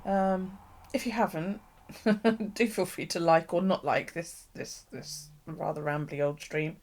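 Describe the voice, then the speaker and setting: Chatty British woman, low-voiced. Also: steady tone, a little slow, a little mellow. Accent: British English. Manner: chatty, swears casually, frequent ums and laughs. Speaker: live-stream host. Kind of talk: rambling casual chat with live viewers. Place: home craft desk.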